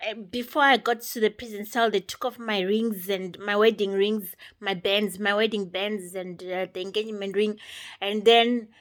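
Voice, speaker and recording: A woman giving an unscripted personal testimony, retelling events step by step in a halting way. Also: medium pitch, steady tone. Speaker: testimony speaker.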